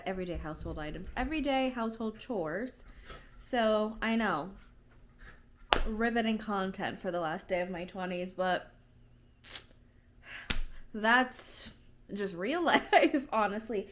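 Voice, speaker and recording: A woman's voice: mid-range voice, slight background noise. A woman in her late twenties, chatting casually in a home vlog, rambling and often correcting herself mid-sentence. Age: 20s. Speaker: vlogger.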